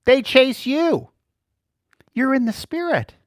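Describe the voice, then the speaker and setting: A man preaching a sermon in an animated, playful way, often laughing between points. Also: extremely high pitch, takes it slowly, dry recording, studio quality.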